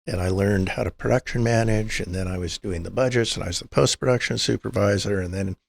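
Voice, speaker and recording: An older man speaks in a lowish, creaky voice at a fast clip. He is an interview guest spinning long anecdotes and acting out the quoted lines of the people in them.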